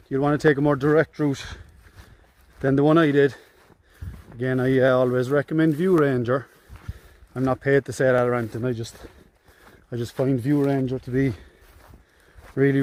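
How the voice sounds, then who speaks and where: A man's voice: mid-range voice, a little mellow. A young man with a Cork Irish accent, chatting casually to a phone camera as he walks alone across an open hillside, rambling and joking with himself. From Cork, Ireland. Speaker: solo hiker vlogger. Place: outdoors on open hillside and meadow.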